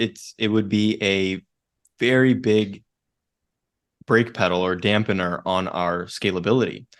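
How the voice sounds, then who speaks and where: A young man co-hosting a business podcast, explaining things step by step in a measured way and often checking in with "right?". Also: on the low side. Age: young adult. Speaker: podcast co-host. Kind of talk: casual business podcast chat.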